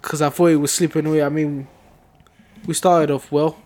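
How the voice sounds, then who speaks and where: A man recounts the match in an animated, excitable run of casual podcast chat. His voice sits a little higher than most men's. He talks like a fan reliving every moment. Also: normal speed. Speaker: podcast co-host.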